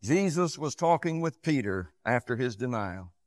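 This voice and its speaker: A man preaching a sermon, rising to loud, high passages and sinking to low, quiet ones. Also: very animated, moderate pace, dry recording, studio quality.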